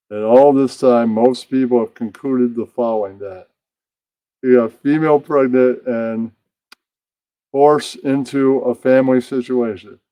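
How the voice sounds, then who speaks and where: A man's voice: medium pitch, fairly even intonation, slow pace, pauses often, dark tone, no room sound. A man hosting a comedic puppet show, narrating in a rambling, casual way. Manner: rambling, mumbles to himself between bits.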